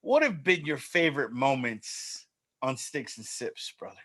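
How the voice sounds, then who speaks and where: A man's voice: medium pitch, big pitch swings, a little slow, pushed and bright. A man hosting a casual chat show, upbeat and chummy, often saying "man" and "you know". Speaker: show host.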